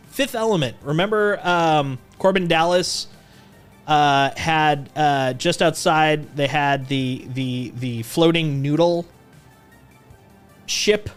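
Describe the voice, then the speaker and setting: A man's voice: fairly high pitch, slow, clean tone, faint music behind. A man streaming a game live, chatting in a rambling, playful way with lots of jokes and self-restarts. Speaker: livestreamer. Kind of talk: casual gameplay commentary.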